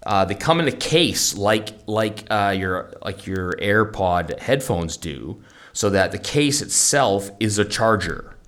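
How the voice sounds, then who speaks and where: A very low-pitched man co-hosting a casual podcast. He rambles through gear talk, often restarting his sentences and getting enthusiastic about gadgets. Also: lively intonation, slow, a bit bright. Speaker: podcast co-host. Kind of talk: casual gear review chat.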